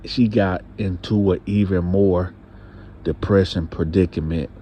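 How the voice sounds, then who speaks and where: A man's voice: low voice, fairly even intonation, unhurried, warm tone, slight background noise. A man telling a story in a casual, talkative way, often repeating himself and restarting. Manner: talkative, repetitive, stammering restarts. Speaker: storyteller host.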